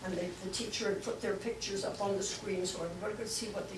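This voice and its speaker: An older woman giving a lively storytelling talk to a club, acting out the voices she quotes. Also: mid-range voice, fast talker, few pauses, noisy background. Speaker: guest speaker. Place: club meeting room. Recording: echoey room, mic from far off.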